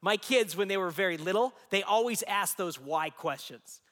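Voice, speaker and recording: A man's voice: high-pitched, animated, moderate pace, a bit bright. A man in his forties preaching a sermon, telling stories with humor and asking rhetorical questions. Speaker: pastor. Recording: long hall reverb.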